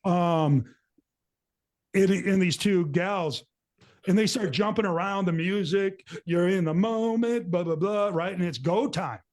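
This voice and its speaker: A middle-aged man hosting a show, telling a story in a rambling, animated way and acting out what people said. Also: high voice, a little slow. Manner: rambling, animated, acts out quotes. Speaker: show host. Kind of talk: casual storytelling to co-hosts.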